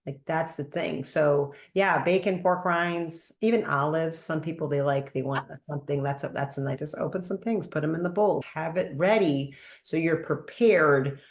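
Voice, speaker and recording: A woman host and doctor in a casual interview conversation, animated, laughing often and acting out quoted dialogue. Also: deep voice, measured pace.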